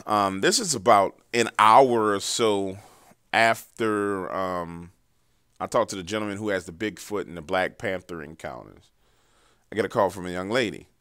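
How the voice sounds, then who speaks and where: Male host, casual horror storyteller, loose and profane, bright forward tone, low-ish voice, dry close sound. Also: normal speed, smooth, no echo. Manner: loose, profane, conversational retelling of callers' stories. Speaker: host of a paranormal story show. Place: in a car while driving.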